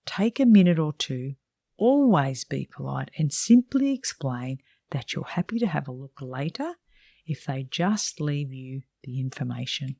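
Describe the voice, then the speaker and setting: A woman's voice: a bass voice, very animated, unhurried, creaky, dark tone, dry recording, studio quality. A woman salon coach reading her own book aloud, giving direct and emphatic advice. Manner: direct, emphatic, plain-spoken.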